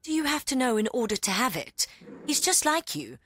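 Wry, teasing aunt. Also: female voice, on the high side, a little fast. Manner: wry, gently mocking, lively. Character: teasing, caring middle-aged aunt. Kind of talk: dubbed TV drama dialogue.

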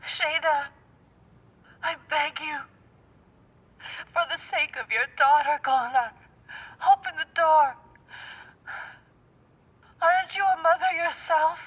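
A desperate young mother in a drama, sobbing as she pleads in a very high voice, slowly, one broken phrase at a time. She is heard from a distance in a long, echoing room. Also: big pitch swings, a bit bright, dull audio, exaggerated voice. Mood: pleading. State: crying.

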